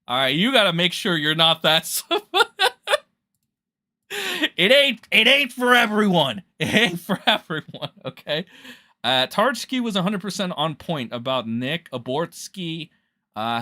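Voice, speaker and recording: A man doing casual livestream commentary, rambling, swearing freely and breaking into laughs. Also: fairly high pitch. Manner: profane, excitable, laughs often, rambling.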